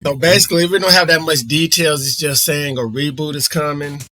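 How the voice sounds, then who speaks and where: A man co-hosting a podcast in casual chat, relaxed, moving the group on to the next topic. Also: a little high, a little fast, poor audio. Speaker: podcast co-host.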